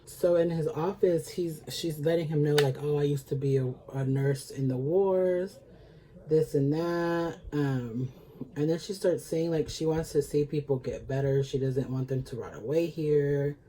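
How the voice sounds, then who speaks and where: A man's voice: on the high side, fairly even intonation, unhurried, mellow. A man recapping a TV episode in a chatty, sassy way, with lots of filler words and free swearing. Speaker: beauty vlogger.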